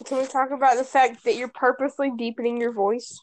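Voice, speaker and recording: A woman co-hosts a casual podcast and needles her partner bluntly. Her voice sits a little above the usual pitch for a woman. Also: level tone, quick pace. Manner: teasing, blunt. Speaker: podcast co-host. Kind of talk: casual chat.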